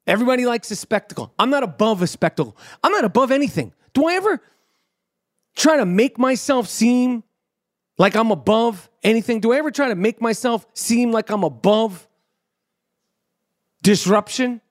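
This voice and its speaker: Man, high-pitched voice, podcast host, blunt, heated, swearing monologue. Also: expressive, normal speed. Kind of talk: profane ranting monologue.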